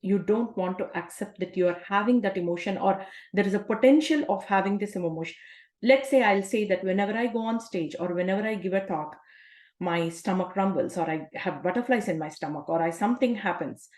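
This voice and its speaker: A woman's voice: mid-range voice, brisk, darkish tone. A woman coach giving a self-help talk in a conversational way, often asking rhetorical questions. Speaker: life coach. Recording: roomy echo.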